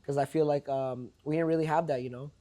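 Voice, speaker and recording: Fast-talking New guy. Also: fairly high pitch, steady tone, dark tone. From Brooklyn, New York. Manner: laid-back, slangy storytelling full of "like" and "you know". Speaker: podcast guest, party promoter. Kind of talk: casual interview chat.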